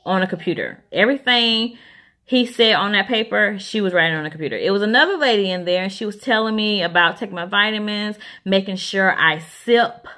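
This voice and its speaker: A woman's voice: medium pitch, fairly quick, bright, forceful tone. A woman, chatting casually to camera as a vlogger, rambling with lots of ums.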